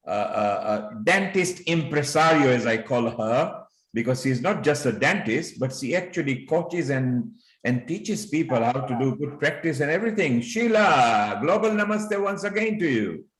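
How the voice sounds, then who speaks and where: A man's voice: medium pitch, expressive, moderate pace. A man hosting a live online show over a video call, greeting and praising his guests with effusive compliments. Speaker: host. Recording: echoey room on video call.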